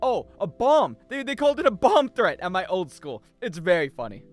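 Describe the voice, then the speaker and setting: A man's voice: sits high, sing-song, normal speed, dry recording, faint music behind. A young man, chatting casually on a gaming stream, joking, swearing freely and rambling. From United States.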